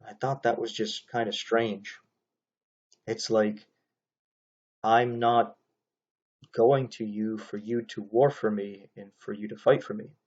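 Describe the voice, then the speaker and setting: A man talks his way through a casual commentary, rambling and restarting his sentences, padding them with "uh" and "you know." His voice is mellow and relaxed. The recording is dull and lo-fi. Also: on the low side, unhurried. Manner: rambling, frequent fillers and restarts.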